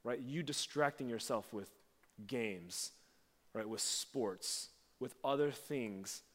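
A man preaching a conversational sermon as a pastor, acting out quoted lines with sudden jumps in pitch. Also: takes it slowly. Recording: long hall reverb.

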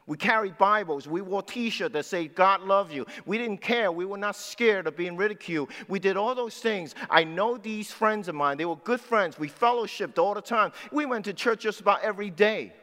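A man in his sixties preaching a sermon as pastor, swinging between loud emphatic lines and low, quiet asides. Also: normal speed, hardly any pauses. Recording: long hall reverb.

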